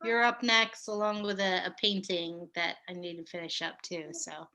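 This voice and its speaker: A woman's voice: lowish voice, little pitch movement, moderate pace, bright, forceful tone. A woman in casual chat with a friend, rambling and laughing often. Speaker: guest friend.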